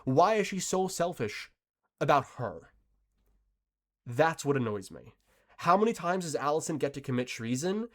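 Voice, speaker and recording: Animated, emphatic male commentator. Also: on the high side, normal speed, long pauses. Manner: animated, emphatic, frequent restarts and sarcastic mock quotes. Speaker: video commentator. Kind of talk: casual opinionated commentary.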